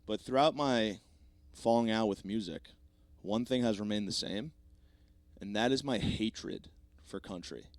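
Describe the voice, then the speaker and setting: A man's voice: lowish voice, unhurried, long pauses, no room sound. A man in his thirties hosting a solo comedy podcast, ranting in a profane, rambling, self-mocking way with a slightly sore voice. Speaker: podcast host.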